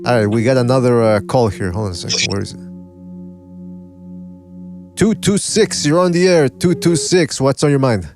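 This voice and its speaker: A man's voice: medium pitch, normal speed, long pauses, a little mellow, faint music behind. A man from Canada hosting a casual call-in podcast, laid-back and often saying "man". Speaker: call-in show host.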